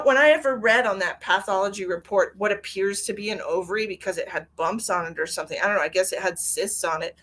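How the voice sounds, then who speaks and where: Speaking at a medium pitch with a fairly bright tone, a middle-aged woman hosts a psychic medium livestream. It's casual chatter, candid and emotional, full of swearing and viewer comments read aloud.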